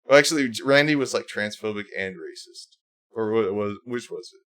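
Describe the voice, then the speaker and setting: A man's voice: fairly low pitch, brisk. A man hosting a casual livestream, reading posts aloud and mocking them in a sarcastic, rambling way, with many fillers and restarts. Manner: sarcastic, reads posts aloud and mocks them in put-on whiny voices. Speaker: livestream host.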